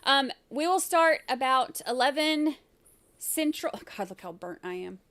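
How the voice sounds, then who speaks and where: A woman's voice: high-pitched, expressive, a little slow, a bit bright. Chatty woman hosting live trial commentary. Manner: chatty, rambling, with many fillers. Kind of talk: casual livestream commentary.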